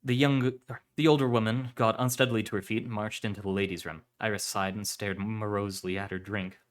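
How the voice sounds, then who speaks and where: A man reads a story aloud on a live stream, keeping a steady narrating pace. His voice sits on the low side, and he corrects small slips as he goes. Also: a little fast.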